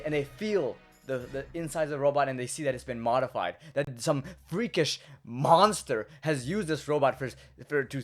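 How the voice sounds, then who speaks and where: A young man, a YouTuber, delivering a crude, rambling comedic monologue full of stumbling repetitions. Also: medium pitch.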